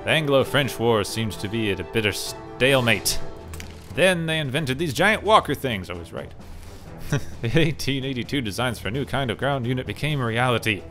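A man's voice: mid-range voice, animated, moderate pace, fairly bright tone, faint music behind. A man hosting a gaming video, reading the game's story text aloud and adding wry, sarcastic asides in a casual let's play style. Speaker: gaming channel host.

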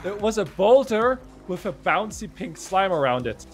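A man's voice: high-pitched, very animated, normal speed. A young man chatting casually while playing a game, easygoing and laughing. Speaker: gamer. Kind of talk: casual let's-play chat. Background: game music.

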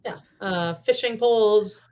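A woman from Canada co-hosting a casual watch-along podcast, sarcastic and quick to mock. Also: medium pitch, darkish tone. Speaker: podcast co-host.

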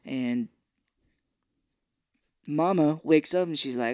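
A man co-hosts a podcast in a mid-range voice at normal speed, with studio-quality sound and no echo. Chatting casually, he recaps a film's story animatedly and acts out what the characters say.

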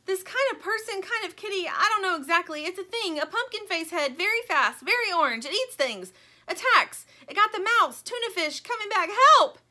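A woman's voice: high voice, big pitch swings, a little slow, bright, forceful tone, pitched above the performer's own voice, exaggerated voice. A woman voicing a small, anxious male toy buffalo who blurts out frantic, breathless words. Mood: panicked.

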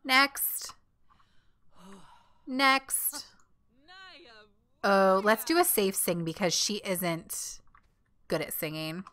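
A young woman giving casual, giggly let's-play commentary, gushing and voicing her character in quick asides. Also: medium pitch. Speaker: gameplay commentator.

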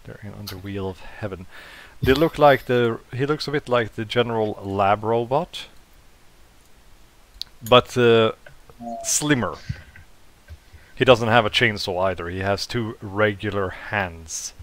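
A man narrating as game master for a tabletop game, unhurried and hesitant. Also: on the low side, a bit bright. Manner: unhurried, hesitant with many ums.

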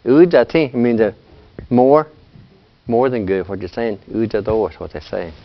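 A man teaching a language class, talking in a relaxed, chatty way and laughing often. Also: lowish voice, unhurried, dull audio. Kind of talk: classroom lesson.

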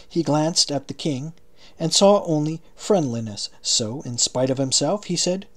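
Steady man reading an audiobook. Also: fairly high pitch, unhurried. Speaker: audiobook reader. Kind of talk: audiobook narration.

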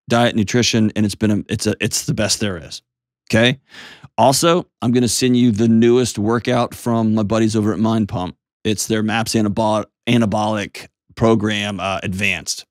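A man's voice: fairly low pitch, no echo, studio quality. Earnest, direct male advice host. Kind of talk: call-in advice show.

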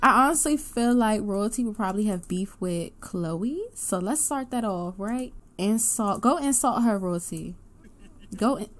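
A woman hosting her gaming channel, giving excitable casual commentary with loud gasps and outbursts. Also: mid-range voice, a little slow. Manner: excitable, gasping and laughing reactions, loud outbursts.

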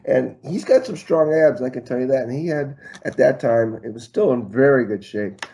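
A man's voice: medium pitch, normal speed, vocal fry, warm tone. A middle-aged man, a martial arts instructor, telling a long story in an interview, rambling with fillers and poking fun at himself. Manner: rambling, many fillers and restarts, self-deprecating humor.

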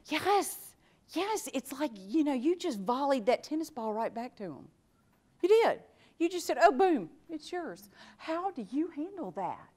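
A woman workplace trainer lecturing a class, acting out sample phrases as she goes. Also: sits high. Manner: animated, acts out sample phrases.

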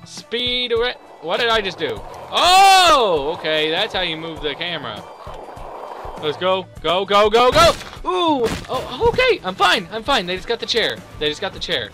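Young man, gaming commentary, high voice, wild pitch swings, loud excited swearing, background music. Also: moderate pace. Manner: excitable, shouting and swearing at the game. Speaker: gaming YouTuber. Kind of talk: let's play commentary.

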